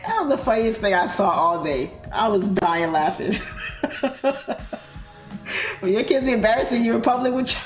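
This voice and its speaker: A woman's voice: mid-range voice, animated, moderate pace, pauses often. Laughing woman telling a story. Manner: laughing storyteller, loose slangy talk. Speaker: trading livestream host. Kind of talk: casual chat while trading. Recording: roomy sound with faint music.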